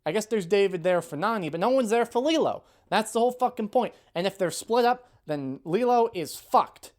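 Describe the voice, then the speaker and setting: A woman's voice: medium pitch, expressive, brisk, hardly any pauses, darkish tone. A woman ranting in a video review, heated and exasperated, swearing freely and sighing between points. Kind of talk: ranting commentary.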